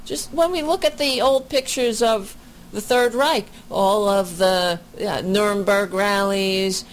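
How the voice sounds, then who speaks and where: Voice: medium pitch, slow. A commentator reacting to a clip with indignant, sarcastic remarks.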